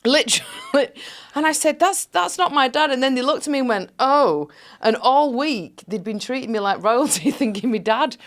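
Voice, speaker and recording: A woman co-hosting a podcast, chatting casually and telling lively stories with frequent laughter. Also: fairly high pitch, brisk, few pauses. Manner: animated storyteller, laughs often, acts out quotes. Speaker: podcast co-host. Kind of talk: casual chat.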